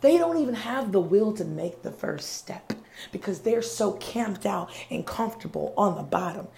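A woman speaks in an earnest, conversational motivational talk, often checking in with her listeners and sometimes dropping to a soft whisper. Her voice has a gravelly edge. The room sounds roomy, with a faint hum behind her. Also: mid-range voice, expressive, moderate pace. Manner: earnest, conversational, frequent "okay?" and "right?" check-ins. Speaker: podcast host. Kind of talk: motivational monologue.

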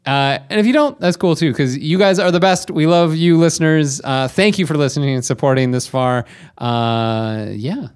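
A man's voice: fairly high pitch, moderate pace, smooth. A man co-hosting a podcast, speaking casually and hesitantly, with many filler sounds. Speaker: podcast co-host.

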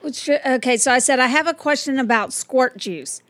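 A woman's voice: sits high, a little fast, a bit bright. A woman co-hosting a podcast in casual chat, blunt and outspoken with her opinions. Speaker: podcast co-host.

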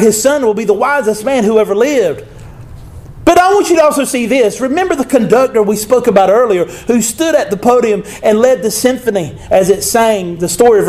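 A man's voice: sits high, darkish tone. A male preacher, delivering a conversational sermon and reading scripture aloud.

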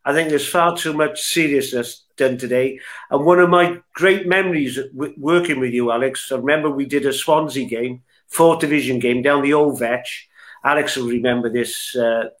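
A man's voice: mid-range voice, normal speed. A man, a podcast guest who used to work in broadcasting, telling fond old stories and laughing easily. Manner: chuckling, fond storytelling. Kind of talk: casual chat.

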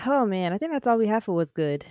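A woman co-hosting a casual podcast, with wry quick reactions and easygoing commentary. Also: mid-range voice, very animated, darkish tone, slight background noise. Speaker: podcast co-host. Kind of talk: casual chat.

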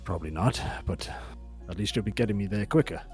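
A man's voice: fairly low pitch, fast, a little mellow, soft background music. A man playing a tabletop game, making dry, wry remarks in character. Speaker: player.

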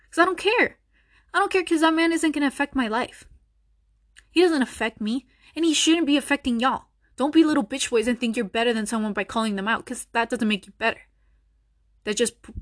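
A young woman hosting her own podcast, ranting in a blunt, profane and sarcastic way. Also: on the high side. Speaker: podcast host. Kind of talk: casual ranting monologue.

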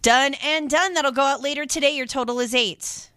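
A chatty woman radio host with a bright, forward voice that sits a little high. She rambles casually between sales calls and fills her talk with "like" and "um." The sound is close and dry, straight from a studio mic. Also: moderate pace, no echo. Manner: chatty and rambling, with many fillers. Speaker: radio shopping show host.

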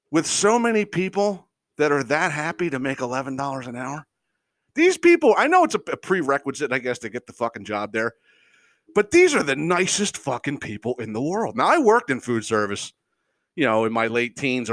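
This middle-aged podcaster speaks a little high at a normal speed, recorded dry. His comedic rant is casual, packed with profanity and frequent laughs, told in a lively storytelling style.

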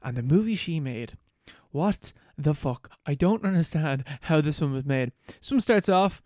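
A man hosting a film podcast, recapping a movie in a loose, animated, profane chat on a close microphone. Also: on the high side, normal speed, no echo. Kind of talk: casual chat.

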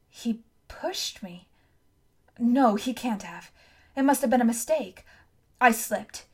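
A woman reading an audiobook, voicing a bewildered, tearful teenage boy with an earnest, pleading manner that climbs high when he is upset. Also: husky. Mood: shaken whisper, then anxious.

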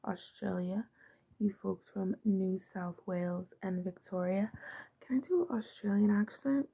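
A woman hosts a podcast in a casual, rambling chat, often sinking into a soft half-whisper. Her slow delivery carries a gravelly fry. The recording sounds dull and lo-fi, with faint noise behind her. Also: mid-range voice. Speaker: podcast host.

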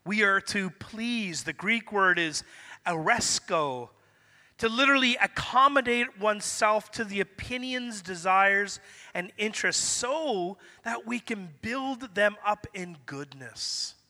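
A middle-aged Canadian man with a high-pitched, animated, bright, forceful voice takes it slowly as he preaches a sermon in a casual, conversational way. In a church hall with long reverb, he acts out the dialogue from a personal story.

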